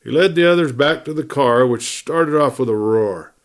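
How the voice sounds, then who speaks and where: A man hosting a storytelling show, reading a western novel aloud in steady, measured narration. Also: medium pitch. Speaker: storyteller host.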